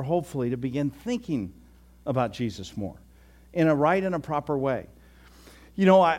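A man's voice: fairly high pitch, a little mellow. A man in his sixties, a pastor, giving a folksy, conversational sermon, often chuckling and restarting his sentences.

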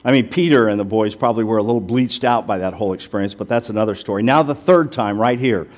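A man's voice: on the low side, fast, darkish tone. Conversational man preaching a sermon. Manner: conversational, self-deprecating asides, emphatic rhetorical questions. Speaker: pastor.

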